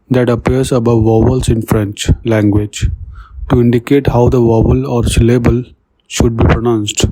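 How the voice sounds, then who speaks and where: A man teaching a French lesson, reading example words and their meanings in a steady scripted way. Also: medium pitch, no room sound. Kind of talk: slow scripted lesson narration.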